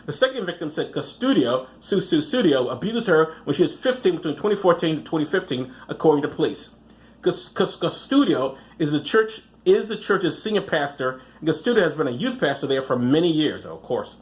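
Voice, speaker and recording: A man's voice: fairly high pitch, very animated, brisk. A man hosting a podcast, reading news articles aloud and breaking in with sarcastic, profane asides. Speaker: podcast host. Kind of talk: casual commentary reading news.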